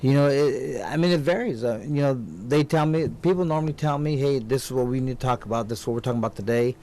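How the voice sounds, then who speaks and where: A man's voice: medium pitch, quick pace, mellow, a little hiss or hum. A man who was a world champion boxer, guest on a radio talk show, telling stories in a loose, rambling way. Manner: rambling storyteller, many restarts. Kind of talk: casual interview talk. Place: radio studio.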